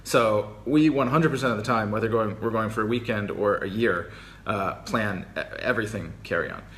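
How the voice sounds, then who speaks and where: A man co-hosting a casual travel Q&A, relaxed and explanatory, with lots of fillers. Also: on the low side, moderate pace. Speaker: travel vlogger co-host. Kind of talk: casual live Q&A chat. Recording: faint background noise.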